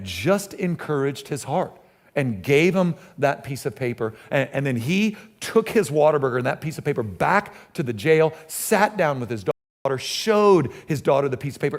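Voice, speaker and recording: A middle-aged pastor tells a story from the pulpit, his voice carrying a gravelly edge. He talks in a loose, conversational way, often restarting his sentences as the story builds. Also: a little high. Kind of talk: sermon storytelling.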